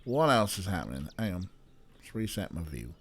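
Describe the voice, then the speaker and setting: A man's voice: low voice, big pitch swings, moderate pace, fairly bright tone. A man streaming an adventure game, rambling and joking with chat, sometimes swearing while teasing a pet. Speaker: let's play streamer. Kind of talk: casual gameplay commentary.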